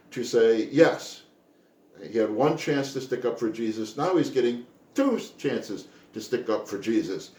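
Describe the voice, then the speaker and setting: A man's voice: lowish voice, darkish tone, reverberant. A man from the United States giving an earnest, reflective daily Bible devotional, pressing hard on his key points. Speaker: Bible teacher.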